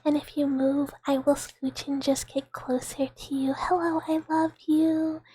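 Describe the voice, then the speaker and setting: A woman voicing a moody male house cat in a whispered role-play, slightly higher than her own voice. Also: flat delivery, unhurried, mellow. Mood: affectionate. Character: moody male house cat, bitey by day, clingy by night.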